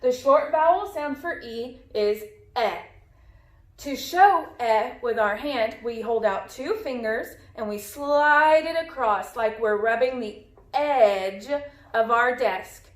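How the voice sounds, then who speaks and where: A woman teacher walks young children through short vowel sounds, stretching each sound out slowly and repeating it for them to echo. Her voice sits a little high, and it rings in an echoey room. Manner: slow, clear, drawn-out modeling of sounds with repetition. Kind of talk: phonics lesson for young children.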